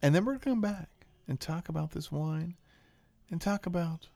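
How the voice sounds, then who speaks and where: A man's voice: on the high side, moderate pace, vocal fry, warm tone. Joking man hosting a wine podcast. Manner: joking, rambling. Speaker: podcast host. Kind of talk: casual wine podcast chat.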